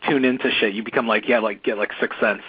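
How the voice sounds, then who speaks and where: A man's voice: fairly low pitch, steady tone, fast talker, breathy edge, no echo. A man co-hosting a casual talk show, teasing and laid-back. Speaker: co-host. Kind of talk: casual chat. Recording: muffled dry internet radio.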